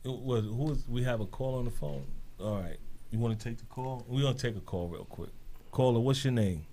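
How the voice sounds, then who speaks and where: A man's voice: medium pitch, a little fast, warm tone, a little hiss or hum. A man hosting a live-stream talk show, prompting his guest with short affirmations and questions, and taking calls. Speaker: host.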